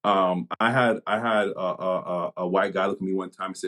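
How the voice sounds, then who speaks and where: A man from Jamaica with a fairly low voice talks as a pastor and police chaplain in a relaxed podcast chat. He thinks aloud, trips over his first words and starts again, and then lands his point with calm conviction. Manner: reflective, halting, many restarts. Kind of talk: podcast conversation.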